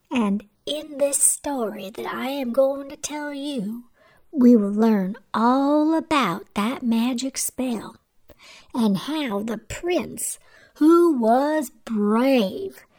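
A woman hosting a children's radio show, telling a bedtime story gently and sometimes dropping to a whisper. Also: fairly high pitch.

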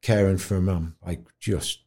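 A man's voice: deep voice, fairly even intonation, moderate pace, dark tone, breathy edge. A man, a podcast guest telling blunt, chatty stories in a colloquial way. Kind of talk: animated storytelling in an interview.

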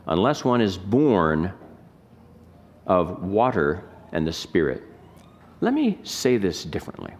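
Animated man preaching a sermon. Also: low voice, slow pace, long pauses. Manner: emphatic, rhetorical questions, reads scripture aloud. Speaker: pastor.

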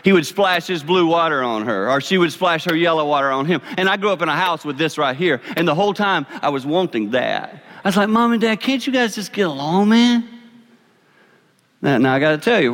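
A man in his fifties with a South Carolina accent gives a folksy, animated sermon with an object lesson. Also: mid-range voice, fast talker, hardly any pauses. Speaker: speaker. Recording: long reverb of a large hall.

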